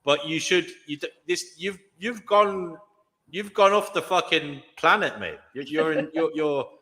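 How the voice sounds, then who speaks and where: A man, talking in a halting, exasperated way in a casual panel chat. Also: on the high side, pushed and bright, in a large hall, low-quality recording.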